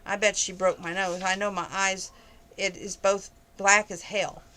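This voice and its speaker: A woman's voice: mid-range voice, flat delivery, a little slow, sharp tone. A woman reading aloud, voicing a crude male kidnapper who blubbers through a bloody nose. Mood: blustering. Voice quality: blubbering, muffled.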